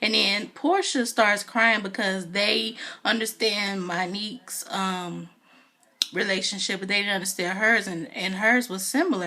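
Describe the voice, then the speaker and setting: A woman's voice: mid-range voice, bright, forceful tone. A woman recapping a reality show on her video channel, chatty and opinionated, with lots of fillers and asides. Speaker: video reviewer.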